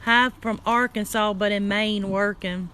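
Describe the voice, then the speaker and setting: A woman's voice: mid-range voice, fairly even intonation, a little slow, fairly bright tone, clear, resonant tone. Chatty older woman reading comments. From Louisiana. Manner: chatty, folksy, reads viewer greetings aloud. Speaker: live-stream host reading comments. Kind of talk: casual live-stream chat.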